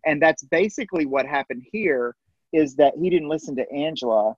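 A man's voice: on the high side, moderate pace, slightly rough, no echo, muffled recording. A man, a baker and co-host, chatting casually, swearing now and then and talking to the listeners. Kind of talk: casual podcast chat.

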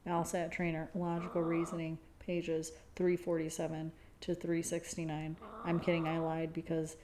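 Low-voiced woman, dry and teasing. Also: completely flat delivery, moderate pace, background noise. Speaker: podcast co-host. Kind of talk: casual chat.

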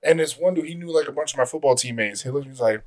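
A man co-hosting a casual podcast chat, telling stories in a profane, animated way. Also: mid-range voice, rapid-fire.

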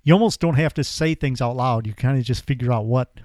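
Male co-host, relaxed and thoughtful, dry close sound. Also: mid-range voice, fast talker, dry recording. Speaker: podcast co-host. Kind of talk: casual podcast chat.

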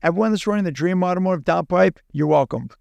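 A podcast guest with a high voice and vocal fry talks fast through a long anecdote, animatedly acting out both sides of the dialogue in his own voice. It's casual storytelling, and the audio is dull with no room sound.

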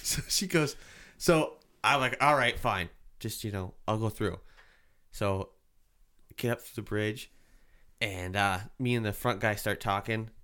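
A man's voice: lowish voice, unhurried. A man in casual chat, telling a story with plenty of swearing and acting out the other people's voices. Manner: animated storyteller, swears often, acts out voices. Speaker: haunted attraction worker.

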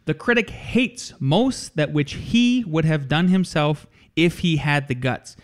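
A man co-hosting a casual podcast, his voice sitting a little high. He rambles and restarts, with animated asides. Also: unhurried. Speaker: podcast co-host. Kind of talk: casual chat.

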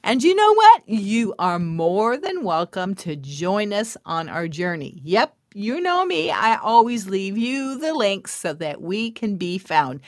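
A middle-aged woman hosting a faith podcast as a life coach, moving from soft prayer to bubbly, laughing chatter with her listeners. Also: mid-range voice, big pitch swings, slow, hardly any pauses, no echo, clean studio sound.

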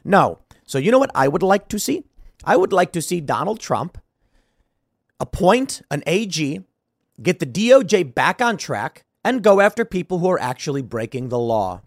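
Man, political commentary host, sarcastic, lively pitch, slightly high voice. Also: normal speed, no room sound, clean studio sound. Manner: sarcastic, combative, rhetorical questions.

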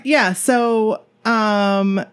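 A woman's voice: mid-range voice, extremely slow, clean tone. A woman co-hosting a podcast in casual chat, chatty and self-deprecating, with lots of fillers. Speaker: podcast co-host.

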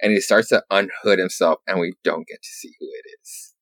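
A man casually recapping a story as a podcast host, rambling with lots of fillers and swearing, telling it with animated energy. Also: sits low, a little fast, no echo. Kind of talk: casual chat.

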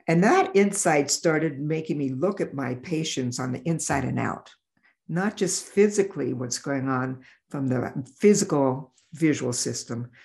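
Vision therapist telling stories, kinda gravelly, acts out the dialogue. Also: medium pitch. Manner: animated, acts out quoted dialogue. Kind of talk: storytelling in an interview.

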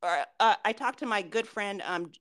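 At a moderate pace and a mid-range pitch, a woman co-hosts a casual podcast conversation. She swears freely and quotes her friends with animated reenactments.

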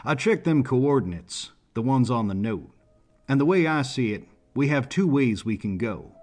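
A man's voice: medium pitch, expressive, a little mellow, soft background music, lightly acted. A man doing a folksy bush pilot. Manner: slow folksy drawl, colloquial. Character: big, folksy rural pilot, easygoing.

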